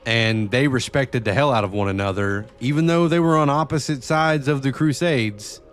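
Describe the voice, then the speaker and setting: Slight background noise accompanies a medium-pitched man talking at a moderate pace. He keeps up casual, foul-mouthed, often meandering chatter with viewers as he plays a game on stream.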